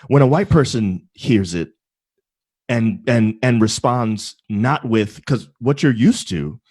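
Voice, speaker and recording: A man's voice: medium pitch, lively intonation, slow pace, darkish tone, dry recording, clean studio sound. A man, a pastor appearing as a podcast guest, speaking emphatically in casual conversation. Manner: emphatic, affirming, speaks in building phrases.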